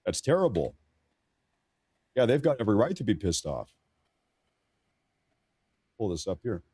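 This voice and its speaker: A man's voice: lowish voice, big pitch swings, unhurried, warm tone, breathy edge, dry recording, clean studio sound. An American man hosting a livestream, giving casual news commentary in a blunt, crude, joking way. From United States. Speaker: livestream host.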